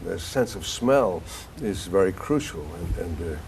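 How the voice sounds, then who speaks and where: An older man, an actor being interviewed, telling stories in an animated, rambling way with restarts. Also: low voice, unhurried, vocal fry, a little hiss or hum, low-quality recording. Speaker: actor guest. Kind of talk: conversational interview storytelling. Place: local TV studio.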